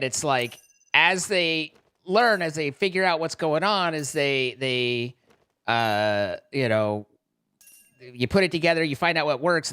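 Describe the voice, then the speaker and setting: A man's voice: on the high side, pushed and bright, clear, resonant tone. A man with an American accent chatting casually on a live stream, rambling and restarting sentences while joking with his chat.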